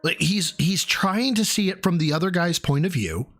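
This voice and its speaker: A male streamer tears into a video clip with casual, profane commentary. His delivery swoops with lively pitch and sits a little high for a man. He sounds mocking and animated throughout. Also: normal speed. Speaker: streamer host reacting to a video.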